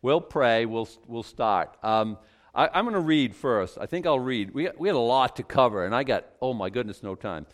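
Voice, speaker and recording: A man preaching, reading scripture aloud quickly and with emphasis before a congregation. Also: medium pitch, lively intonation.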